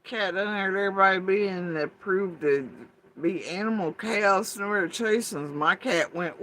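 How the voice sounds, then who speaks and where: A man hosting a livestream, ranting casually and swearing, swinging between loud outbursts and low muttering. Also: a little slow. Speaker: livestream host.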